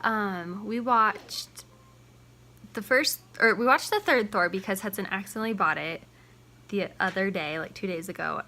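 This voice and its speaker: A woman's voice: mid-range voice, pushed and bright. A young woman, a mother, chatting casually to the camera at home in a family vlog, rambling on with lots of "and" and "like". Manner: chatty, rambling, strings clauses with "and" and "like". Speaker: family vlogger.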